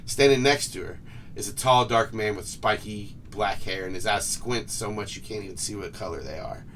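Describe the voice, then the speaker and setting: A man narrating a tabletop game as game master, relaxed and hesitant, recorded on a distant mic with faint noise. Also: lowish voice, normal speed. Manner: laid-back, hesitant narration with fillers.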